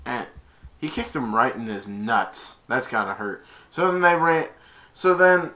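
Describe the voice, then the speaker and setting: A young man recaps a film's plot in a loose, rambling way, as an amateur reviewer. His pitch swoops all over and his voice is bright. He keeps breaking into loud, high voices for the characters. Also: lively intonation, measured pace. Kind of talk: casual plot retelling.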